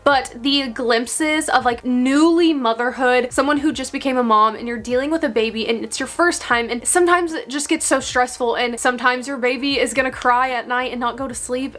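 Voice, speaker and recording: A woman's voice: fairly high pitch, a bit bright. A young woman chatting casually to camera as a book vlogger, bubbly and gushing.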